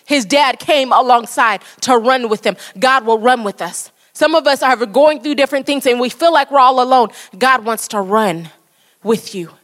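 A woman's voice: fairly high pitch, fairly bright tone, in a large hall. A woman preaching a sermon with fervent, repetitive exhortation.

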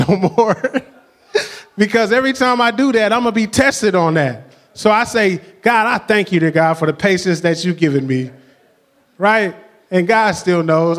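A middle-aged man preaching a sermon, energetic, with frequent call-outs and laughs. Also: high-pitched. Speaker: pastor.

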